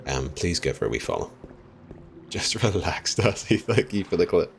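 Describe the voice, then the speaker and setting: Low-voiced Irish man streaming a game. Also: sing-song, a little fast, vocal fry, slight background noise. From Ireland. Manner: chatty, laughs often, apologetic. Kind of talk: live gameplay commentary chatting with viewers.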